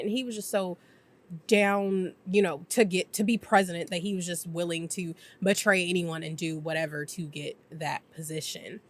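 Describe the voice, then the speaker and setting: Her voice sits on the low side with a fairly even intonation as she recaps a TV episode for her channel. It's chatty, free-flowing reviewing, heavy on filler words, with quick impressions sprinkled in.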